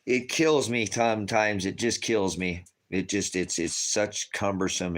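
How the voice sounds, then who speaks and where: An older man giving an emotional, rambling spiritual testimony, laughing and tearing up as he preaches. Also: deep voice. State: tearful.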